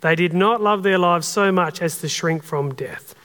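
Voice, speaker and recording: A man's voice: sits high, normal speed, pushed and bright. A man with an Australian accent preaching a sermon in an earnest, conversational way. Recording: long hall reverb.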